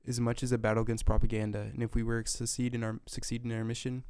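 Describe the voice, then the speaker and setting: A man's voice: medium pitch, monotone, fast talker, darkish tone, clean tone, no room sound, close to an everyday voice. A man voicing a middle-aged male government minister who reads a formal speech aloud, stumbling over some words. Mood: earnest.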